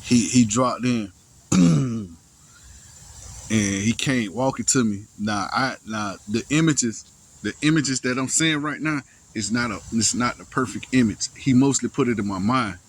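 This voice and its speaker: A young man telling a personal story in casual first person, halting and slangy, full of restarts, sighs and profanity. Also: mid-range voice, slight background noise, low-quality recording.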